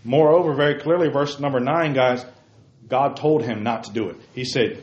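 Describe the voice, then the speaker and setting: A man teaching a Bible study to a group in an animated, emphatic way, heard in a roomy, dull lo-fi recording. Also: mid-range voice, moderate pace.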